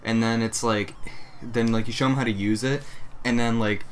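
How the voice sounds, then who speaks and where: A man's voice: medium pitch, steady tone, moderate pace. A young man co-hosting a casual chat, ranting profanely about customers and acting them out in mock voices. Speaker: co-host. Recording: faint background noise.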